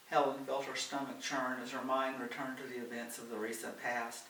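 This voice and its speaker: A man reading a novel aloud in a steady, gentle storytelling manner. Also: mid-range voice, moderate pace. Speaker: audiobook reader. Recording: roomy, distant, faint hiss.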